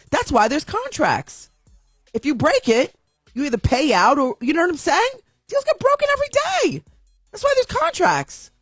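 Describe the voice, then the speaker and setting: A woman with a high voice rants in an emotional vlog, her pitch swinging widely as she repeats herself and restarts her sentences. She sounds upset and heartfelt throughout. The recording is dry and close, with faint music behind her. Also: no room sound. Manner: impassioned, repetitive ranting with many restarts. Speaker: video commentator.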